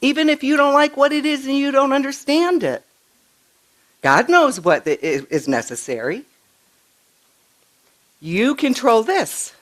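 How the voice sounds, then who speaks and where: An older woman minister giving a conversational sermon, telling stories in an animated way and often stumbling over and restarting her words. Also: high-pitched, measured pace, pauses often. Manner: chatty, animated storytelling with frequent restarts. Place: church sanctuary.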